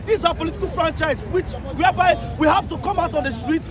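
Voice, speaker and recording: A young man with a Nigerian accent, a street protester pleading and often shouting, recorded outdoors on a busy street. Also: very high voice, fast. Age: young adult. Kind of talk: impassioned street appeal. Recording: noisy outdoor crowd recording.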